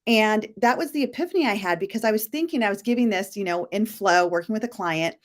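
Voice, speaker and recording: A woman's voice: mid-range voice, quick pace. Earnest woman co-hosting a live show. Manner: earnest, coach-like, tells client stories. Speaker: co-host of a live talk show. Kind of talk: casual live chat.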